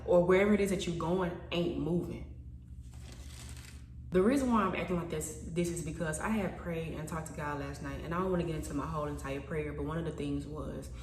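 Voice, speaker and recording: A woman with a low voice talks straight to her camera, rambling and thinking aloud as she questions herself. She stumbles and repeats words, a little self-conscious. The room is echoey, with a faint hum underneath. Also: far from the mic. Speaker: vlogger. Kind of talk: casual reflective monologue to camera.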